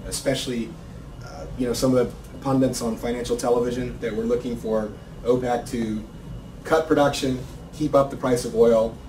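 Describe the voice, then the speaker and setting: Man presenting from far off in a roomy hall. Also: medium pitch. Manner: loose, lots of ums and uhs. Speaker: energy market analyst presenter. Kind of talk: unscripted conference presentation. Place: conference room. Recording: roomy, distant, faint noise.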